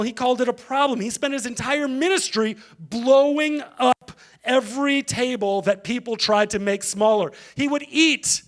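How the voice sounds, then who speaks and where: A male pastor giving a conversational sermon, engaging the congregation directly. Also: very high voice.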